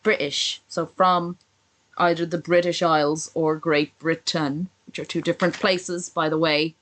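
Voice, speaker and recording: A woman's voice: deep voice, little pitch movement, unhurried, fairly bright tone, poor audio. A woman streamer reacting live to a video, sarcastic and swearing constantly in casual commentary.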